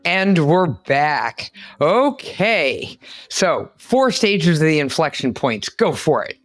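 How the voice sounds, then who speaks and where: A woman hosting a podcast interview, an animated, exclamatory storyteller. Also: low voice, slow, faint music behind. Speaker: podcast host. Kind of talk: lively interview chat.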